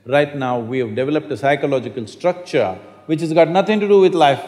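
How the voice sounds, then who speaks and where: Spiritual teacher guy talking to a crowd, emphatic, bit high voice, big hall echo. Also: a little fast, a little mellow. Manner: emphatic, asks the audience questions. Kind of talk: talk to a live audience. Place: large hall. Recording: echoey hall.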